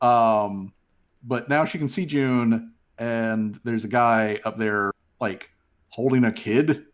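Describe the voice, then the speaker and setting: A man's voice: mid-range voice, takes it slowly. A man narrating as game master of a tabletop game, laid-back and full of fillers.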